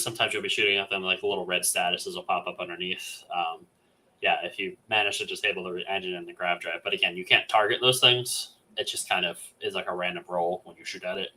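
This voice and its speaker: A man co-hosting a gaming podcast, chatting casually with lots of fillers and lively retellings. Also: deep voice, low-quality recording. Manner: rambling, many fillers, animated retelling. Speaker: podcast co-host.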